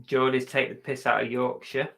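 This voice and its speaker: Host, male, London accent, bright and teasing, casual stream banter. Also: medium pitch, flat delivery, moderate pace, gravelly. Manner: joking, teasing, chatty. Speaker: reseller vlog host. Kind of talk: casual live-stream chat.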